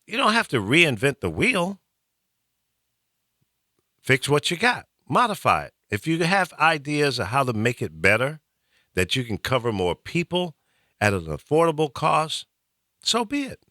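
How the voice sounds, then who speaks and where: Animated ranting male talk host. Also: medium pitch, unhurried, dry recording, clean studio sound. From American South. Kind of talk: call-in talk show.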